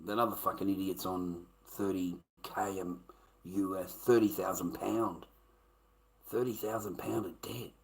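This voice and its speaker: An Australian man on a livestream, talking in a blunt, profane, rambling way, lecturing and breaking into loud bursts. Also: deep voice, steady tone, unhurried, gravelly, low-quality recording. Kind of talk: casual rambling livestream chat.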